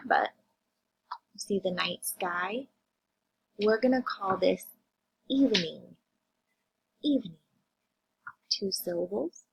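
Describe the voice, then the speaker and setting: A woman teacher reviewing vocabulary and phonics with young children, sounding words out slowly and asking them questions. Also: mid-range voice, gravelly, husky, low-quality recording. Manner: slow, drawn-out phonics sounding-out, addressing kids.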